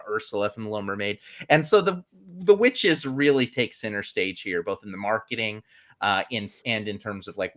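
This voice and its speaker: Bright-voiced rambling male podcaster. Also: fairly low pitch. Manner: rambling, many fillers. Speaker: podcast co-host. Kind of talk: casual film review chat. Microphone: video call.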